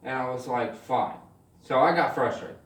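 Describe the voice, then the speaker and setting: A man telling stand-up stories in an animated, swearing style, acting out the people in them. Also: medium pitch, fairly quick, reverberant, far from the mic. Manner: animated, swears freely, acts out voices. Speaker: stand-up comedian. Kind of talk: stand-up storytelling.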